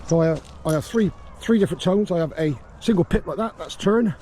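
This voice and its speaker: Calm dog trainer outdoors. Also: male voice, high voice, a little fast, slight background noise. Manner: calm explaining, with sharp shouted commands to a dog. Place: small grass sports field outdoors.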